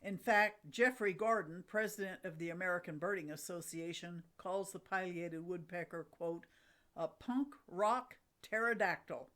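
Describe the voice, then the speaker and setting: A woman's voice: fairly low pitch, moderate pace, a bit bright. A middle-aged woman hosting a bird watching channel, giving enthusiastic scripted narration. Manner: enthusiastic, with a light laugh.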